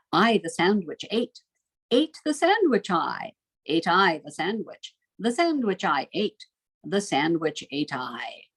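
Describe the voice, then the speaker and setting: A woman teaching a recorded literature lesson from home, reading verse aloud slowly and then explaining it in plain, chatty asides. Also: medium pitch, rough recording.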